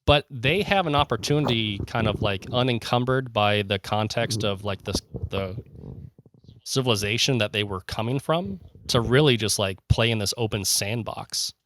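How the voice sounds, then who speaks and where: A man's voice: fairly low pitch, normal speed, a bit bright, dry recording. A man co-hosting a casual podcast, talking eagerly and rambling, with many fillers and restarts. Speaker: podcast co-host.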